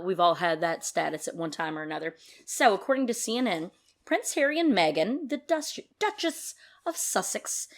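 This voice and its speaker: A woman hosting a podcast, giving chatty, wry commentary with sarcastic asides. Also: medium pitch. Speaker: podcast host. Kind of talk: casual news commentary.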